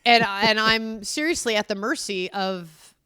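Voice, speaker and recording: A woman in her forties on a podcast, telling an animated story and acting out the quotes, swearing freely. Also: a little high, normal speed, clear, resonant tone, no room sound, clean studio sound. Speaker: podcast co-host.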